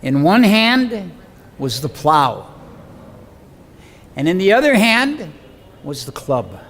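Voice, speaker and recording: A man preaches and tells a scripture story with animated, dramatic delivery, slipping into the voices of the people he quotes. His voice sits high for a man. The talk rings through a hall with a long reverb and a faint hum underneath.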